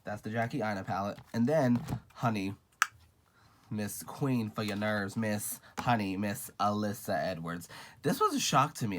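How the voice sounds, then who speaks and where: A man with a slightly low voice chats through a casual makeup collection review. He is sassy and gushing, tosses out "honey" and "girl" to viewers, and swears without a second thought. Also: animated, a little slow, slight background noise. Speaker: beauty vlogger.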